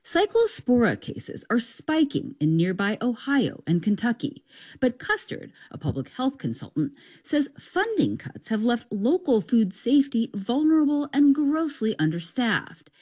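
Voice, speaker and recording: A woman reporter delivering a scripted radio news story in a measured broadcast manner. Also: on the high side, very animated, a little mellow, slightly rough.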